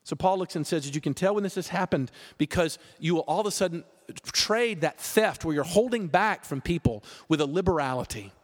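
A man preaching a sermon as pastor, conversational and animated, with jokes. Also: fairly high pitch, a little fast, big-room sound.

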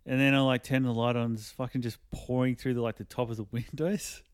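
A man rambles through a story in casual podcast chat, swearing freely and chuckling mid-sentence. His voice is smooth and clean, sitting at a middle pitch, and it is recorded dry and close with no room sound. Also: little pitch movement, fairly quick, no echo. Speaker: podcast co-host.

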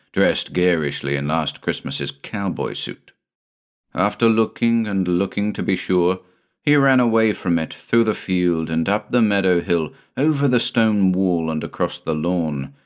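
A man narrates a vintage weird tale in a low, deep voice. His storytelling is measured but expressive, and his pitch moves freely to bring out the drama.

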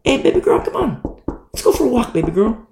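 A man's voice: very high-pitched, very animated, a little fast, a little mellow, slight background noise, voice pushed up. A man voicing a sly male devil who lures a girl with candy, in a coaxing, wheedling way. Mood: luring. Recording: echoey room.

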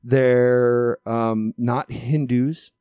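A man's voice: mid-range voice, steady tone, drawn-out words, darkish tone, smooth, dry recording. A man co-hosting a podcast in casual chat, rambling and profane, often repeating words as he builds a point. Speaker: podcast co-host.

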